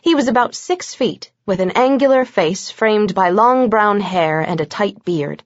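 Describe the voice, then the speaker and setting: A woman's voice: mid-range voice, lively intonation, a little slow, dry recording. A woman narrating a first-person audiobook with a wry, sarcastic manner. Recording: dull dry lo-fi recording.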